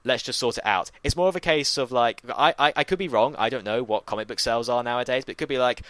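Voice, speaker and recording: A man co-hosting a casual pop culture chat, chatty and quick to mock with little put-on voices. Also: medium pitch, a bit bright, no echo. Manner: chatty, slips into mocking voices for quotes. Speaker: podcast co-host.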